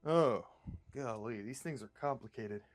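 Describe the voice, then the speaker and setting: A man's voice: medium pitch, measured pace, no echo, pitched below the performer's own voice, close to an everyday voice. A man voicing a naive, folksy cowboy gunslinger who talks in a polite, old-fashioned way.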